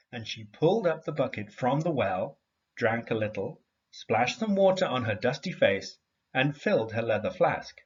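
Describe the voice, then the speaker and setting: A man reading a story aloud to a class in an expressive storytelling manner. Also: medium pitch, moderate pace, muffled recording. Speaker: teacher.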